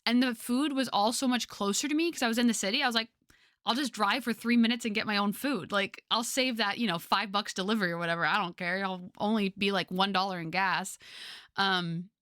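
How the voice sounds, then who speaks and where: A woman's voice: medium pitch, a little fast, fairly bright tone, dry recording, studio quality. A young woman streamer chatting casually with her viewers, rambling with lots of fillers and frequent laughter.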